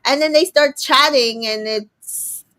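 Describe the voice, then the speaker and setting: A woman co-hosting a casual recap chat, with a slightly high voice. She summarizes events plainly, with frequent ums and exasperated asides. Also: takes it slowly, sharp tone. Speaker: co-host.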